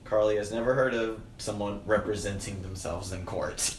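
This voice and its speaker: Give me a relaxed man chatting on a podcast, echoey room with faint background noise. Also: on the low side, normal speed. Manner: relaxed, agreeable, recapping plot. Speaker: podcast co-host. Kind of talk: casual chat.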